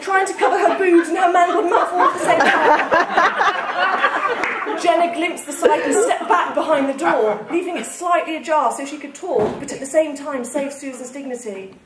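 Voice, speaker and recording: A woman author reading her comic novel aloud at a live salon, with lively, amused storytelling. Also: sits high, moderate pace, over a noisy crowd. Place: literary salon with a live audience. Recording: echoey room, distant mic, audience laughter.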